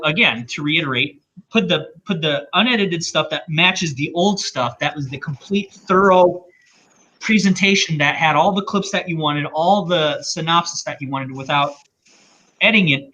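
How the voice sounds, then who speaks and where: A man talking on a casual livestream, his voice bright and pitched slightly high. He rambles through his opinions in an animated, forceful way. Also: highs cut off. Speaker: co-host.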